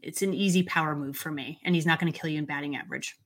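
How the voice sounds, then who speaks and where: A woman's voice: deep voice, racing, a bit bright. A woman analyst explaining her fantasy baseball picks casually, thinking aloud as she goes. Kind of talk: casual draft chat.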